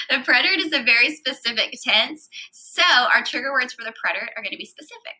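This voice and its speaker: A woman's voice: high voice, expressive, fairly quick, pushed and bright, rough recording. A woman teaching a Spanish grammar lesson, explaining patiently step by step and reading out verb endings one at a time.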